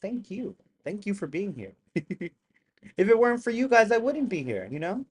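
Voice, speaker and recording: Live-stream host, casual reaction commentary, mid-pitched voice, excitable with sudden loud outbursts, chatty asides to the chat. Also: normal speed, slightly rough. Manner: excitable, bursts into loud exclamations; chatty, apologetic asides to viewers.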